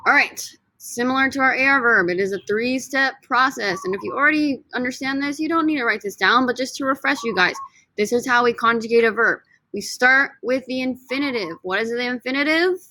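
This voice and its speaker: A woman's voice: a little high, fairly quick, pushed and bright, dry recording, low-quality recording. A woman teaching a recorded Spanish grammar lesson, explaining step by step and drilling words for students to repeat.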